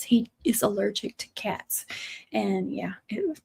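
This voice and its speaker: A woman's voice: medium pitch, moderate pace, warm tone, breathy edge. A middle-aged woman telling a long, chatty story on a casual livestream. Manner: chatty storytelling with laughs and asides. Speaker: craft channel host.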